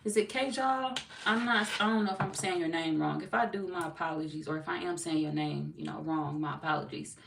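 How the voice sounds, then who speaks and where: With a deep, gravelly voice and a brisk delivery that barely pauses, a woman from Missouri hosts a tarot livestream and casually works through viewer comments. She's playful and blunt, laughs a lot and swears freely. The room echoes, she's far from the mic, and there's plenty of noise.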